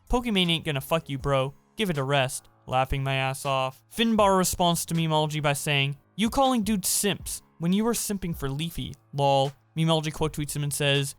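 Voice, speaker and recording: A man hosting a commentary channel, giving scripted narration and reading tweets aloud in a steady voice. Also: on the high side, smooth.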